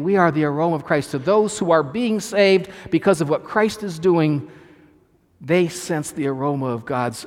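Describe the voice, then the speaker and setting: Guy preaching a sermon, kinda high voice, earnest, restarts a lot, church hall echo. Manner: earnest preaching with repeated restarts and emphatic quoted lines. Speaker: pastor.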